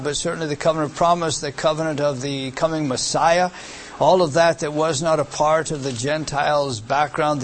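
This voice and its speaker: A man's voice: a little high, a little hiss or hum. A man preaching an expository sermon, emphatic and repeating phrases for stress while pointing out words and diagrams. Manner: explains with gestures to a text or diagram. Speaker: pastor.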